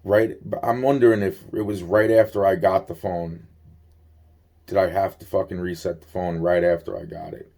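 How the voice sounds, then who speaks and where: A man with a lowish, mellow voice rambles through a casual monologue. His talk is loose and profane, packed with "you know" and "like" as he circles back on his own thoughts. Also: steady tone, normal speed.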